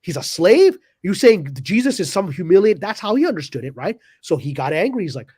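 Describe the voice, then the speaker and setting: High-pitched and slightly rough, he talks a little fast with hardly any pauses, and the studio-quality recording has no room sound. As a guest in a podcast panel, he spins a lively, dramatic tale, performing the lines of the people he quotes.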